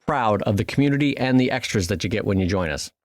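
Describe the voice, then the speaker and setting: An American man co-hosting a podcast, chatting in a lively, upbeat way and plugging the show. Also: lowish voice, quick pace, no echo. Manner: animated and chatty, upbeat plugs. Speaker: podcast co-host. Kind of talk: casual chat.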